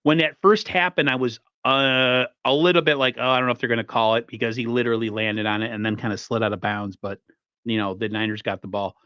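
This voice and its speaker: A man riffs on his team's latest game with quick, eager energy. His mic sounds muffled and lo-fi. The room is dead dry with no echo at all. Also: mid-range voice, steady tone, sharp tone, clean tone. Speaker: podcast host. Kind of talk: casual sports talk.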